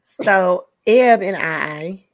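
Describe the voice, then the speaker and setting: A woman's voice: on the low side, extremely slow. A woman hosting a podcast, telling stories in casual chat and laughing often as she talks. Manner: laughs often, animated storytelling. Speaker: podcast host.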